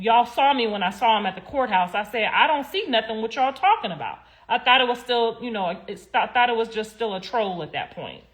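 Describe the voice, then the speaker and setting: A young woman ranting on her own livestream in a mid-range voice. She is blunt and heated, cursing freely. She swings from loud outbursts down to low mutters. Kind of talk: casual livestream rant.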